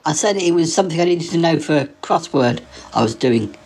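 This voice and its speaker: A man in a homemade comedy sketch, his voice pitched a little high. He hesitates constantly, full of uhs and ums, sounding nervous. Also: animated, fairly quick, gravelly, a little mellow. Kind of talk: comic sketch dialogue.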